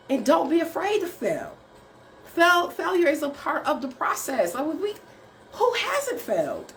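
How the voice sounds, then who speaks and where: Lively, high-pitched woman preaching encouragement. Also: a little slow, gravelly, faint music behind. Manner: preachy and encouraging, with rhetorical questions. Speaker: writing coach. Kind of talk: faith-based motivational talk.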